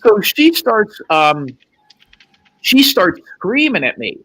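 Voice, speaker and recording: A man's voice: high-pitched, slow pace. A man hosting a show, telling a profane story casually and acting out the quotes. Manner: profane, animated, acts out quotes. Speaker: host.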